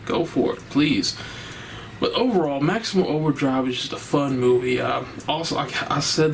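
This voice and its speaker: A man's voice: medium pitch, gravelly, a little hiss or hum, rough recording. A man giving a casual, enthusiastic and rambling horror movie review, laughing often.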